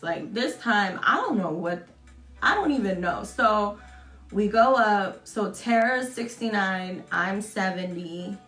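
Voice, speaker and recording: A young woman telling a story to camera in a casual, chatty way, often swearing and mocking herself. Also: a bit bright. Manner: chatty, swearing, self-mocking, acts out quotes in high voices. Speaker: vlogger. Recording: echoey room.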